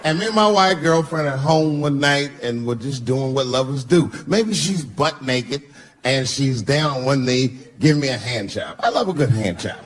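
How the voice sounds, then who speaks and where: A man's voice: mid-range voice, expressive, normal speed, a little hiss or hum. A male stand-up comedian telling loose stories on stage, breaking into voiced asides. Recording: live stage with loud audience laughter.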